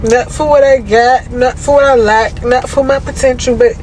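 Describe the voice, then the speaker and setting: A man's voice: extremely high pitch, steady tone, moderate pace, few pauses, darkish tone, a little hiss or hum, low-quality recording. Impassioned swearing man ranting. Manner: impassioned, swearing, repetitive pleading. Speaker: social media commentator. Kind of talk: emotional rant to camera.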